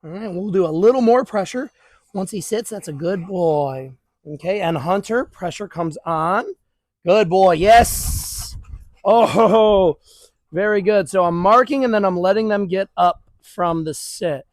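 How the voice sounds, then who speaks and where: Outdoors near grass, a man with a fairly high voice walks viewers through a dog training drill, blending calm explanation with quick praise for the dogs. The audio is dry and close with little room sound and no echo.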